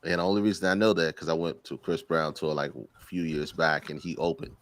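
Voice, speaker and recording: A man co-hosting a podcast, chatting casually in a slangy, animated way and laughing often. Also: rumbling low, brisk, no room sound. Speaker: podcast co-host. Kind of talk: casual chat.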